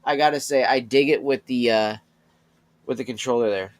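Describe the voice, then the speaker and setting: A man's voice: medium pitch, fairly even intonation, normal speed. A man streaming a game live, chatting casually with his viewers, swearing freely and cooing to his cats.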